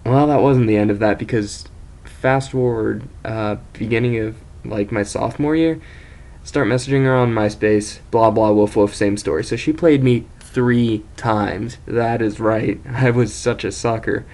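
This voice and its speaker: A man's voice: mid-range voice, steady tone, a little slow, a little mellow. A young man casually telling an embarrassing story as host of his own video series, rambling, self-mocking and swearing freely.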